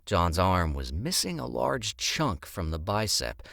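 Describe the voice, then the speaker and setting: A man narrating an audiobook in an expressive storytelling manner. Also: sits low, measured pace, gravelly, dry recording, studio quality.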